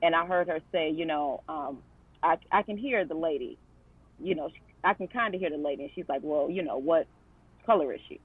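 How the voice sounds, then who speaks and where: A husky, low-voiced woman talks a little quickly on a dry recording that sounds tinny, like a phone line. She is a podcast guest sharing a story in casual fashion, full of fillers and lines of quoted dialogue.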